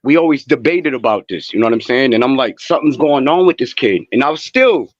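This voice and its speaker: A man's voice: mid-range voice, lively intonation, a little fast, no room sound, dull audio. A man calling in to a live show, speaking hesitantly and rambling. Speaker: caller. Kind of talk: call-in chat.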